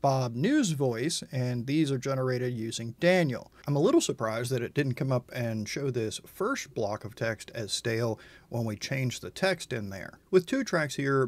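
A man hosting a software tutorial, explaining each step in a casual, conversational way. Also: medium pitch, no room sound. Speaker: tutorial host.

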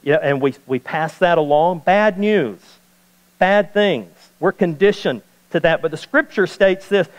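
A man preaching a sermon as pastor, folksy and animated, repeating key lines and joking with the congregation. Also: high-pitched, a little slow, in a large hall, low-quality recording. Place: church sanctuary.

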